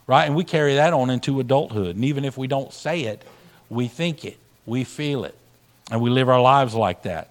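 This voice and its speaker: A man's voice: medium pitch, normal speed. A man preaching a sermon as a pastor. He asks the congregation questions, and his voice swells and drops as he talks. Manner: lively preaching, rising and dropping loudness, asks the crowd questions.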